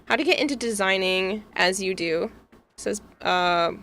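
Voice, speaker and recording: A woman's voice: mid-range voice, unhurried, fairly bright tone, slight background noise. A young woman from Massachusetts with a Boston accent, chatting casually with her livestream audience as a VTuber streamer, giggling often. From Massachusetts, USA. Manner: giggly, chatty, reads and answers chat.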